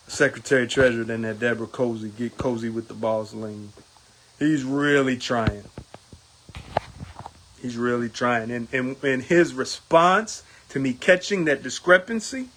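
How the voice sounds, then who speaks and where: A man's voice: mid-range voice, fairly bright tone, slight background noise. A middle-aged man, a union steward, speaking in a casual monologue and acting out quoted exchanges in a raised voice.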